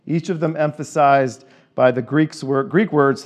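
A man preaching a sermon as a pastor, leaning on repeated phrases and switching between quick casual asides and slow, stressed lines. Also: on the high side, fairly even intonation.

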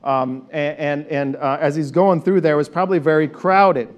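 A man preaching a conversational sermon, animated and leading his congregation in call and response. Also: on the high side, normal speed, highs cut off. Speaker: pastor.

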